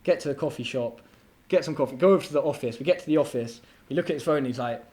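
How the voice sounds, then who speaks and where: A young man from the UK, telling stories as a guest in a casual interview, animated and laughing, full of slang. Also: mid-range voice, rapid-fire. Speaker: guest entrepreneur. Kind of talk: casual storytelling chat.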